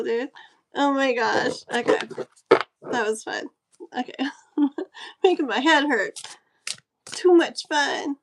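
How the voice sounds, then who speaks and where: Woman live-stream host, casual card-reading chat, giggly and effusive, higher pitch. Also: slow pace, long pauses. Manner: giggly, gushing and easily excited.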